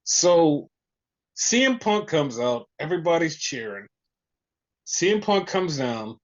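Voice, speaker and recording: Animated podcast host, muffled lo-fi audio. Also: mid-range voice, takes it slowly. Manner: animated storytelling, heavy use of "like". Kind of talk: casual wrestling recap chat.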